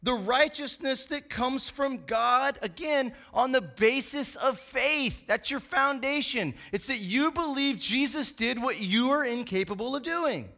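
A man preaching a casual, animated sermon, talking like a dad chatting with friends, with lots of "man" and "right?". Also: very high voice, measured pace, creaky, hardly any pauses. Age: adult father of young boys.

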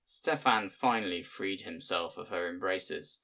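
A man with a lowish voice reads an audiobook in a measured, plain manner, letting the story unfold steadily. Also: vocal fry, bright, forceful tone. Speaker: narrator. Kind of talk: audiobook narration.

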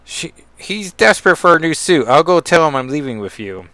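Man's rough British-accented take on a resolute woman out for revenge; dry sound. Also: fairly high pitch, very animated, fairly quick, sharp tone, no room sound, voice pushed up, heavily acted. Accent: put-on British. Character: determined woman plotting revenge.

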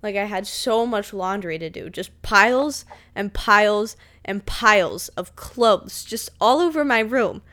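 A woman's voice: medium pitch, animated, measured pace, few pauses, sharp tone. Dry-humored young woman co-host. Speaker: podcast co-host. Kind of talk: casual chat.

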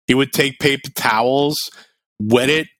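A man's voice: medium pitch, unhurried, dry recording. A middle-aged man chatting on a podcast, telling blunt, profane stories with lots of energy. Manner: animated storyteller, blunt and profane. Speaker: podcast co-host. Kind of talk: casual podcast chat.

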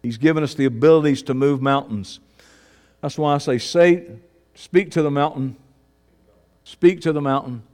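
A male pastor preaching a sermon, swinging between fervent shouts and low, hushed emphasis. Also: moderate pace, long pauses. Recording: long reverb of a large hall.

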